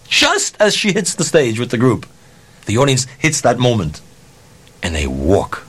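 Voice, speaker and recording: Man, concert promoter, anecdotal storytelling, blunt, profane, animated, mid-pitched. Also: measured pace, breathy edge.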